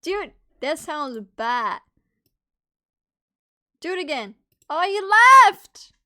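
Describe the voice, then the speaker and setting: A woman's voice: high voice, lively intonation, slow pace, a bit bright. A young woman live-streaming in casual chat, teasing her friends playfully and swearing freely.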